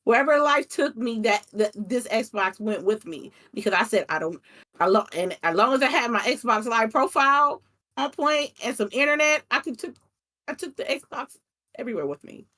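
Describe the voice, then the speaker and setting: A woman's voice: on the high side, moderate pace, pushed and bright. A young woman, a content creator, chatting casually as an interview guest, telling stories with animation and casual swearing.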